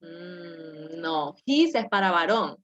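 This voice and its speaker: A woman's voice: fairly low pitch, lively intonation, takes it slowly. A woman teaching an English class over a video call, patiently correcting her students step by step.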